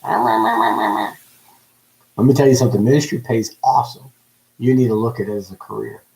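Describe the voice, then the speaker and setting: A man preaching on a livestream in a lively, joking way, asking his audience many questions. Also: medium pitch, moderate pace, vocal fry, rough recording. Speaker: pastor. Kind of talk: livestreamed ministry teaching.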